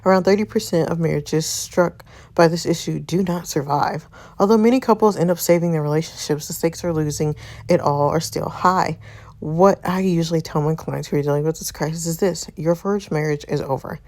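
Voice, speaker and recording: A woman reading the lines of a calm, professional female marriage counselor in a story game. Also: deep voice. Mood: measured. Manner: measured, advising.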